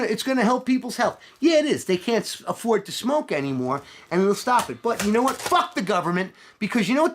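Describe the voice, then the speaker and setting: A man's voice: high-pitched, fairly bright tone. A middle-aged man rambling and ranting profanely to camera in a casual vlog, sometimes mocking others in put-on voices. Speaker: vlogger.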